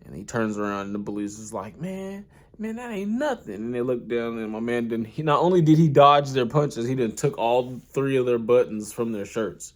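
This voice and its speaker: A young man retells a story in a relaxed, rambling way, stacking restarts and street slang. His voice sits at an ordinary pitch for a man. He keeps it conversational and animated. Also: normal speed, few pauses. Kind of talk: casual retelling of an anime.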